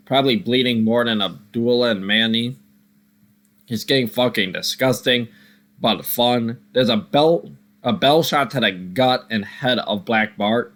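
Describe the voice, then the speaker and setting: A man recapping old wrestling matches in casual, profane commentary, his voice still a little hoarse and strained, with wry jokes. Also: mid-range voice, fairly bright tone. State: voice still recovering, slightly hoarse. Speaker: wrestling reviewer.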